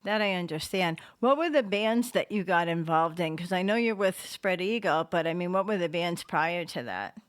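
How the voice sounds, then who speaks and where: A woman's voice: on the low side, moderate pace, hardly any pauses, no echo. A woman hosting an interview, asking questions and reacting enthusiastically. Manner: enthusiastic, frequent "wow". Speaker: interview host. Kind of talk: casual interview.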